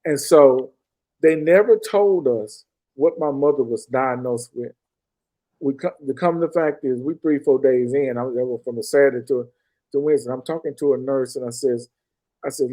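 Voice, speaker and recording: This former police detective, a middle-aged man from Arkansas, has a medium-pitched, mellow voice and a moderate pace. As a podcast guest he earnestly recounts a personal story, driving points home through repeated phrases, all in a rough recording.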